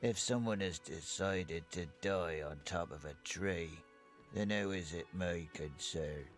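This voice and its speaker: An actor playing a sleepy, evasive union dock worker in a video game, talking in a laconic, dismissive way. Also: male voice, sits low, a little slow, soft background music.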